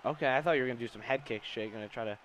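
A young man giving live gameplay commentary, trash-talking his opponent, swearing and erupting into shouts. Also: mid-range voice, rapid-fire. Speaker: gaming YouTuber.

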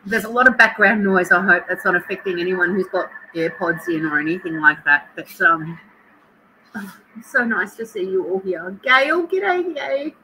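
A woman's voice: fairly low pitch, moderate pace, sharp tone, slight background noise, rough recording. A middle-aged Australian woman hosting a livestream at home, chatting emotionally and greeting her viewers by name. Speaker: livestream host. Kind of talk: casual chat with live viewers.

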